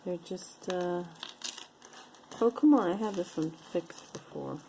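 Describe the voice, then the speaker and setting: A woman's voice: lowish voice, lively intonation, takes it slowly, gravelly, dark tone, slight background noise, low-quality recording. A woman casually showing and describing jewelry pieces one by one, with playful sing-song asides. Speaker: jewelry unboxing vlogger. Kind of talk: casual show-and-tell commentary.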